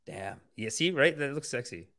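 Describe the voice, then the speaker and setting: A man hosting a podcast, chatting casually and reacting to a film trailer in an animated, profane, rambling way. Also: mid-range voice, normal speed. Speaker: podcast host.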